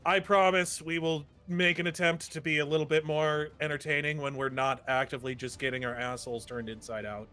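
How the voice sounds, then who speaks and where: A man's voice: a little high, fairly even intonation, fairly quick, hardly any pauses, bright, forceful tone, faint music behind. A man playing in a streamed tabletop game, joking around and laughing often. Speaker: player. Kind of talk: casual banter on a game stream.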